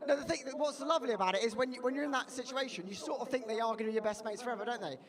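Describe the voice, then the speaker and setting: A man's voice: extremely high pitch, rapid-fire. A man doing a stand-up set at a student venue, rambling and self-deprecating with stammered restarts. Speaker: stand-up comedian. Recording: reverberant hall with loud crowd. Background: audience.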